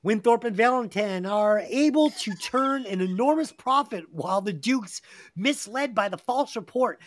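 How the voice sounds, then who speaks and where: A man's voice: high-pitched, dry recording. A middle-aged man hosting a movie review podcast, reading plot summaries and chatting with heavy swearing and frequent laughs. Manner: profane, enthusiastic, laughs often. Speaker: podcast host.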